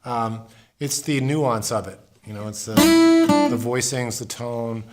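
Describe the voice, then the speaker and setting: A man giving a casual guitar lesson, explaining in a relaxed way and repeating words as he demonstrates. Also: medium pitch, takes it slowly. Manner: relaxed, thinks aloud, repeats words while playing. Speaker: guitar teacher. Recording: guitar music in the background. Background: acoustic guitar playing.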